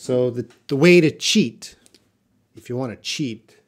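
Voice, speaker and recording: Slow, careful male English teacher. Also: medium pitch. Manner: slow, careful, repeats words for pronunciation drills; answers viewer chat questions by name. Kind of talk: live online English lesson.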